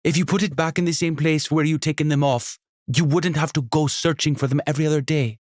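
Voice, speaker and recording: A bubbly woman in her sixties with a faint Jamaican lilt, as a male narrator puts her on in an audiobook. She talks fast and warmly about her town, her voice lifted well above a man's usual range. The reading is dry and close. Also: medium pitch, no echo, voice pushed up, close to an everyday voice. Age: 60s. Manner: lively and chatty, rapid-fire. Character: energetic woman in her sixties running an inn.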